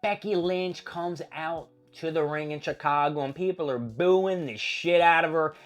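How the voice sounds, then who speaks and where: A man hosting a show, recapping a wrestling feud in a casual, profane, animated storytelling manner. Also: a little high, a little slow. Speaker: host.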